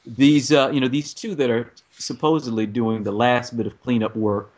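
A man's voice: mid-range voice, steady tone, normal speed, darkish tone. A man co-hosting a casual film chat, giving long rambling explanations of a movie's story.

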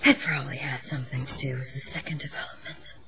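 A hushed, conspiratorial spy. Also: female voice, rumbling low, steady tone, fast talker. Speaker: film clip.

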